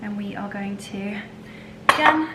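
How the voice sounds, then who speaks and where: A woman talks slowly through a recipe in her kitchen, gushing over ingredients and sometimes dropping to a near whisper. The room is echoey and a clear background noise runs under her voice. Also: mid-range voice. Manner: chatty, gushing, often drops to a soft whisper. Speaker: lifestyle vlogger. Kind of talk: casual baking tutorial. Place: home kitchen.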